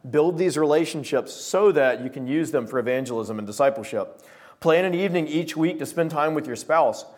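A man's voice: fairly high pitch, a little fast. A young man preaching a sermon to a small gathering, telling stories and acting out quoted voices. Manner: animated storytelling with voiced quotes.

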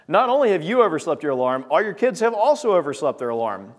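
A male preacher giving a sermon with an object lesson, talking straight to the congregation in an animated way. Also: a little high, fast.

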